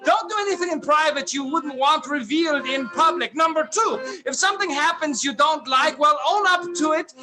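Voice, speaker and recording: High-voiced shouting man with French accent. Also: moderate pace, hardly any pauses. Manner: loud, shouting punchlines. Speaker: stand-up comedian. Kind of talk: stand-up one-liners. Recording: loud accordion music behind.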